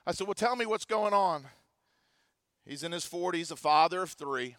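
A man, a pastor in his forties, preaching a sermon in church, earnest and moving between soft and emphatic delivery. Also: sits high, animated, moderate pace, no echo, studio quality. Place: church service.

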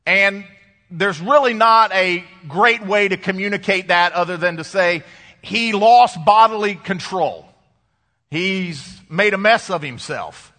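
A man preaching with a high, bright voice, building to emphatic points and dropping low for effect. He reads scripture aloud and comments on it. The sound carries a long reverb, like a large hall. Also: slow pace. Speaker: pastor. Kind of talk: sermon.

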